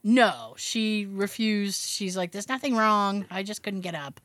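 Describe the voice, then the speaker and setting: A woman's voice: mid-range voice, lively intonation, measured pace, fairly bright tone. A woman co-hosting a podcast, telling a family story in casual chat, swearing now and then and laughing as she goes. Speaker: podcast co-host.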